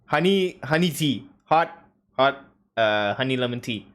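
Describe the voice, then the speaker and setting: A man who speaks English as a second language, hosting a relaxed, slangy chat. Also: medium pitch, a little slow. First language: not English. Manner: laid-back, slangy, says yo and damn. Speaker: host. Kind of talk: casual chat.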